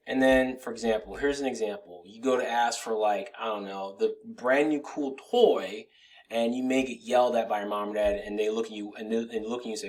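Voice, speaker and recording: Casual swearing male life coach. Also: lowish voice. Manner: loose, swearing, rambling with restarts. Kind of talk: casual motivational talk to camera.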